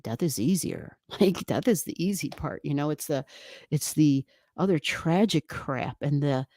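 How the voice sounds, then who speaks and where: A woman's voice: sits low, animated, unhurried, dark tone, no room sound, studio quality. A woman hosting a casual livestream from home, rambling with many restarts and reading viewer comments aloud. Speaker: livestream host. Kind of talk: casual live-stream chat. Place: home room.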